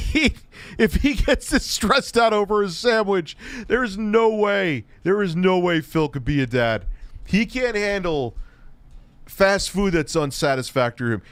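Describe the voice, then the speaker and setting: In a dry recording, an adult man with a high-pitched voice hosts a commentary rant aimed at his peer group. He mocks with disbelief, laughs often, and swears without restraint.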